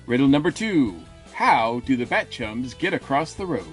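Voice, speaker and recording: A man's voice: mid-range voice, big pitch swings, moderate pace, soft background music, close to an everyday voice. A man voicing a taunting riddle-posing villain in a campy promo skit, delivered in a teasing, theatrical way.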